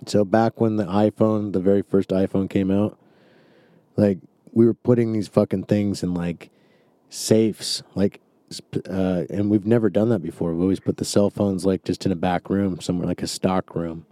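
A former retail manager chatting casually and swearing now and then. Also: male voice, deep voice, level tone, moderate pace, warm tone, no room sound. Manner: laid-back, swears casually. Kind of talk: casual chat.

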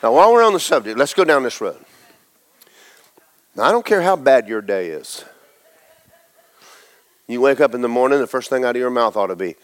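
Animated preacher man. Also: medium pitch, moderate pace, pauses often, dry recording. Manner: folksy, animated, jumps between shouting and near-whispers. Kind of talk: lively sermon with acted quotes.

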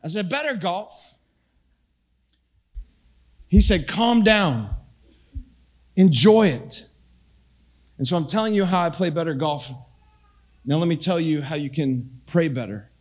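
A middle-aged male pastor giving a conversational sermon, casual and self-deprecating, swinging between hushed and loud delivery. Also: a little high, normal speed, long pauses.

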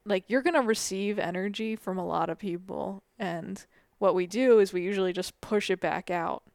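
A woman with a creaky, gravelly texture to her voice talks earnestly on a podcast, musing about ideas and swearing casually. The sound is dry and close to the mic. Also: mid-range voice, moderate pace, darkish tone, no echo. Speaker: podcast co-host. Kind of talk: casual chat.

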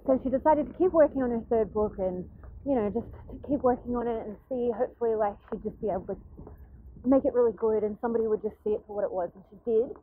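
A woman, host of a casual podcast, tells a long story in a loose, rambling way, full of "like" and "anyway". Her voice sits a little high and comes through a thin, phone-like recording with a faint hiss behind it. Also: quick pace. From Australia. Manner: chatty, rambling with many fillers and restarts. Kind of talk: casual chat, retelling a story. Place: outdoors in a city, planes overhead. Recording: tinny phone-like recording, faint background noise.

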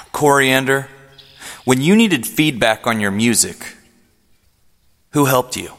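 Excitable man with lively pitch. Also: slow pace, in a large hall. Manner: pleading, excitable, swings into yelling. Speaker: solo podcast performer playing himself. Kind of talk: comedic improvised role-play.

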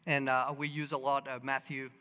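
A man preaches a sermon, telling personal stories in an animated way, acting out what people said, with lots of fillers and restarts. His mid-range voice is smooth and moves at a moderate pace. A long reverb tail trails his words.

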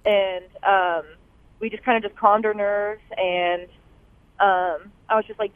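A woman's voice: medium pitch, steady tone, slow, clear, resonant tone, no echo. Young woman calling in over a phone line. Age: young adult. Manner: peppers her talk with "like" and "um". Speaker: caller, college rower. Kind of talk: phone-in chat.

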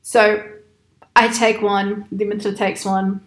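A woman telling a long anecdote in casual chat, animated and quoting people in raised voices. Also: medium pitch, slow. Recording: echoey room.

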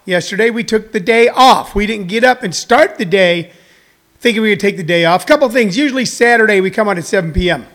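Middle-aged man, light high voice, rambling live-show host, slightly winded. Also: fairly quick, a bit bright. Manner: rambling, chatty, jokey asides. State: a little out of breath. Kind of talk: live-stream talk show monologue.

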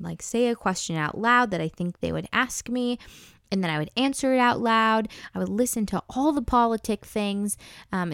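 A woman's voice: medium pitch, dry recording, studio quality. A young woman from North Dakota hosting a podcast, telling a personal story in a chatty, earnest and emotional way. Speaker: podcast host. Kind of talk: casual storytelling.

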